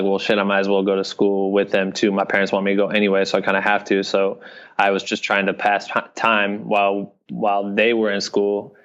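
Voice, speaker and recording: Young Midwestern-raised guy, low and flat, loose conversational ramble, dull podcast sound. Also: clear, resonant tone. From Iowa, United States. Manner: rambling, frequent "you know what I mean". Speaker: podcast guest, video director. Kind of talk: casual interview talk.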